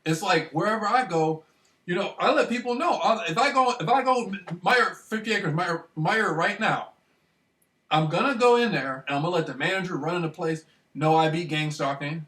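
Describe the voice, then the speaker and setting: A man talks to camera in a bright, forceful, slightly high voice, pushing hard then dropping to a near murmur. He keeps checking in with his listener. The sound is roomy and echoey, with him set back from the mic. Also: a little fast, distant mic. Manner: animated, repetitive, keeps asking "you know what I mean"; swings between loud bursts and hushed murmurs. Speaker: vlogger. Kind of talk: casual monologue to camera.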